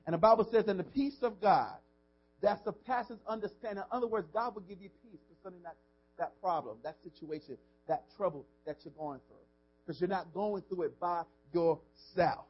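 A pastor preaching in a church, his man's voice pitched high above most men's. He moves from soft, tender lines to loud, stretched-out declarations and keeps calling out "come on" to the room. The audio is dull and lo-fi. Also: moderate pace. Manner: preaching with rising and falling intensity, call-and-response asides. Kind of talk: sermon.

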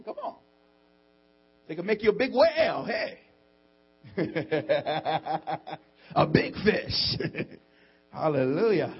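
A man preaching a sermon, swinging between low quiet asides and shouted outbursts, and acting out friends' voices in dialogue. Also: vocal fry, husky. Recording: dull muffled recording with mains hum.

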